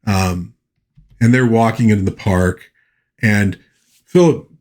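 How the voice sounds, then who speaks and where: A man reviewing an old film, retelling its plot in a chatty, animated way with frequent restarts. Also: fairly low pitch, slow. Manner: chatty, animated, lots of you-knows and restarts. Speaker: movie reviewer.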